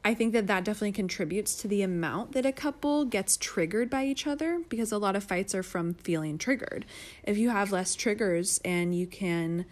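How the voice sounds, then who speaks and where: A woman's voice: mid-range voice, lively intonation, a little fast. A woman in a casual couple's chat, chatty and candid, often laughing as she talks. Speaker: podcast co-host.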